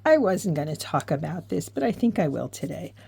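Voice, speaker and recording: A woman's voice: low voice, very animated, brisk, gravelly, warm tone, breathy edge, no room sound. A middle-aged woman from the United States chatting earnestly while she crafts, reflective and close to tears at times. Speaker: craft and faith vlogger. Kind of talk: casual heartfelt chat while crafting.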